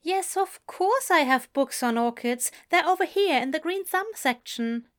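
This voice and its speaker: A woman voicing an eager, fussy male bookseller in a storybook reading, high and fluttery. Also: animated, measured pace. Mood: helpful. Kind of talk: audiobook character voice.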